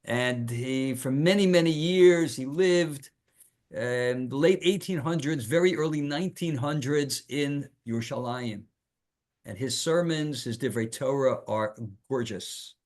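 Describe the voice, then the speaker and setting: A male rabbi giving a Torah lecture, animated and emphatic, asking rhetorical questions and sprinkling in Hebrew terms. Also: medium pitch, a little slow.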